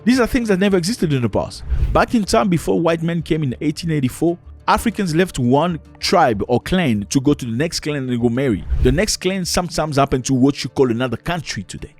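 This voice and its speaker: A man's voice: fairly high pitch, animated, a little fast, few pauses, faint music behind. Emphatic, preachy man vlogging. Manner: emphatic and preachy, acts out quoted voices. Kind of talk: opinionated monologue to camera.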